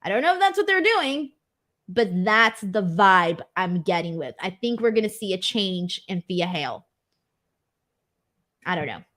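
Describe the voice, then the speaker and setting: A young adult woman hosting a casual live-stream wrestling recap, animated and emphatic, with casual swearing. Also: mid-range voice, a little slow. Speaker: wrestling show host.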